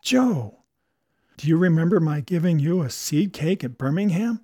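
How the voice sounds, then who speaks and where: Man voicing aging actress, pleading, raised pitch, dry close sound. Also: animated, normal speed, warm tone, dry recording. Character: stage-weary older actress, tearful, pleading woman.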